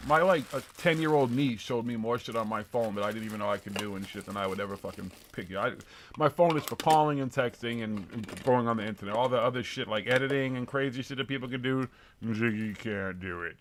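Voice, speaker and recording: A man's voice: mid-range voice, quick pace, a little hiss or hum. A man in his fifties, co-hosting a live show, chatting casually, swearing freely and laughing often. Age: 50s. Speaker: podcast co-host. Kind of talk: casual profane chat.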